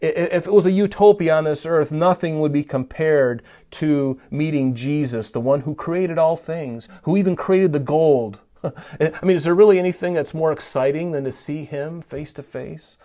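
A man's voice: a little high, moderate pace, mellow. A man preaching a sermon, teaching from scripture in an earnest, emphatic way and addressing listeners who are not in the room. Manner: earnest, emphatic Bible teaching with rising stress on key lines.

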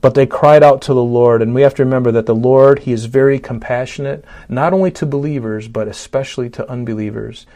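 A man's voice: fairly even intonation, brisk, hardly any pauses. Man preaching, swelling on scripture readings. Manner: rises and swells when reading scripture aloud, drops low and soft for appeals; repeats words and restarts phrases. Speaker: pastor.

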